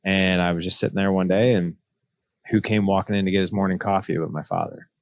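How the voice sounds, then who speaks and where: A man's voice: deep voice, steady tone, fast talker, gravelly, no echo. A man in his forties telling a personal story in an earnest, reflective way, acting out remembered dialogue. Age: 40s. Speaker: podcast guest, author.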